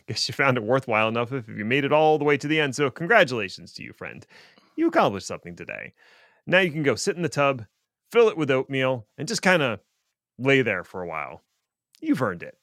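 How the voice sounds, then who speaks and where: A man's voice: medium pitch, creaky, a bit bright, dry recording, studio quality. Joking, digressive middle-aged man. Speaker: podcast co-host. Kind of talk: casual tech chat.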